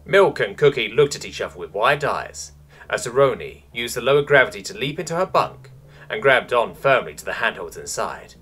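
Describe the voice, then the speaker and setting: Animated male audiobook narrator. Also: medium pitch, normal speed, slightly rough. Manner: animated, expressive reading. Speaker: story narrator.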